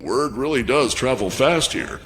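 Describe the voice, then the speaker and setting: Man doing a calm young fighter, level and assured, storybook recap. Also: medium pitch, unhurried, husky.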